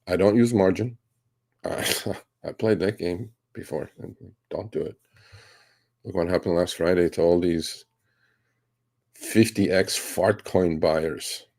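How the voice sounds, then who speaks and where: A middle-aged man talking casually about his trades, blunt and animated, cursing now and then. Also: low voice, vocal fry. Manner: blunt, animated, swears and laughs. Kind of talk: casual talk answering a question.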